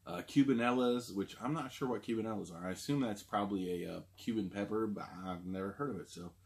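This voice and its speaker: Host, male, somewhat low voice, loose rambling vlog chat. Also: fast talker. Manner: chatty and rambling, frequent fillers. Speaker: food review show host. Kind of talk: casual vlog talk.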